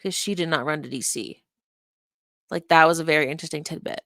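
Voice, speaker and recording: Woman, low voice, gravelly fry, dry close sound, casual stream commentary. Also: a little fast, fairly bright tone, no echo. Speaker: stream reviewer.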